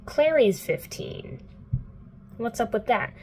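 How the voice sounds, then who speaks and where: A woman's voice: fairly high pitch, very animated, slow, gravelly, slight background noise. A young woman in her twenties casually recapping a novel for her channel, chatty and full of fillers, playfully quoting the characters. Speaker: book vlogger.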